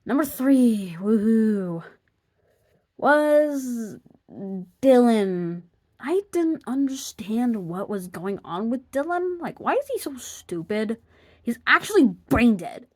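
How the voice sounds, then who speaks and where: A woman's voice: on the high side, very animated, a little slow. A woman narrating an opinion review of cartoon episodes, sarcastic and exasperated, sometimes dropping to a mutter.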